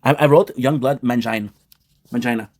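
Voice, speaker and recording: A man's voice: medium pitch, moderate pace, darkish tone. A young man streaming, joking crudely and rambling as he switches between English and French. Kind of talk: casual joking chat.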